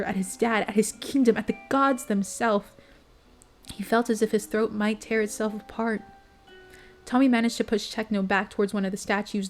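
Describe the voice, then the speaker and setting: A streamer, a woman with a medium-pitched voice, reads a bedtime story aloud at a steady, even pace. She's expressive yet unhurried, correcting small stumbles as she goes, while soft guitar music plays faintly beneath.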